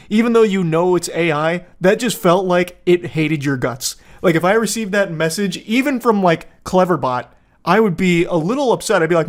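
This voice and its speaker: Male commentary host in his 30s, dry sardonic delivery with crude jokes, slightly raised pitch. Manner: sardonic, profane, jokey asides. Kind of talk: casual commentary.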